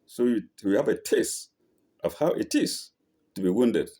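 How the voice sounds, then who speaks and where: A man teaching the Quran verse by verse, reciting lines and then translating them slowly, often correcting himself and checking in with "eh?". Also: lowish voice, sing-song, mellow. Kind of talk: verse-by-verse scripture lesson.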